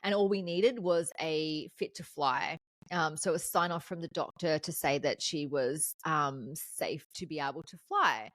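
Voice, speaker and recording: A woman hosting a podcast, telling a personal story in a candid, animated way with the odd swear word. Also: low-pitched, a little slow, dry recording. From Australia. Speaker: podcast host.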